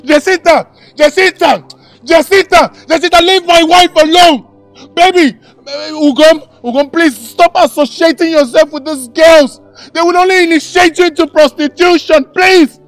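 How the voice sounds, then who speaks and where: An actor with a Nigerian accent playing a young husband who begs and shouts for his wife to come home. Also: extremely high pitch, normal speed, faint music behind. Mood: angry. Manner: pleading and shouting, repetitive begging.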